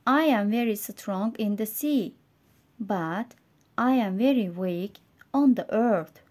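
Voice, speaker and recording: A woman with a Turkish accent voicing a gentle male dolphin, king of the sea, read slowly like a storybook. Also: mid-range voice, natural voice. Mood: apologetic. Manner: slow, careful storybook reading.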